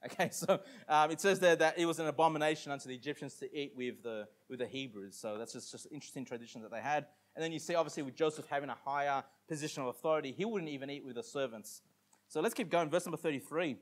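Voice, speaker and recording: Here a man from Australia with a slightly high voice preaches in a conversational style. He reads scripture aloud slowly and emphatically, then breaks off for casual remarks to the congregation.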